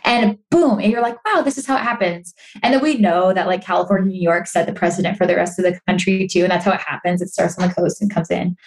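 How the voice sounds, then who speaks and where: A young adult woman talking casually as a podcast guest, animated and chatty, full of restarts and "like"s, sometimes acting out quoted voices. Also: on the low side, fast, hardly any pauses. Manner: acts out quoted voices for emphasis. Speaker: podcast guest, sustainability creator. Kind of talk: casual interview chat.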